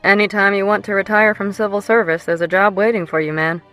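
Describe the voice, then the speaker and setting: A woman's voice: mid-range voice, steady tone, fast talker, fairly bright tone, faint music behind, close to an everyday voice. A woman reading a firm, confident businessman.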